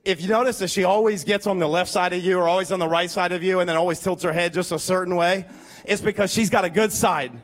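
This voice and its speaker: A pastor giving a lively, conversational sermon with emphatic points and humorous asides. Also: male voice, high-pitched, quick pace, a faint crowd.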